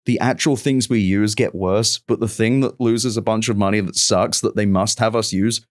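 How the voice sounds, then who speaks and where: A man's voice: lowish voice, fairly even intonation, normal speed, dry recording, studio quality. A man with a mixed West London and American accent, talking as a guest in a casual chat, swearing freely and ranting with exasperation. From England. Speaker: podcast guest.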